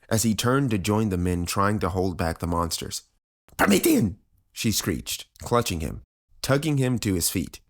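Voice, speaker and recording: A man narrating an audiobook in a steady, even reading style. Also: low voice.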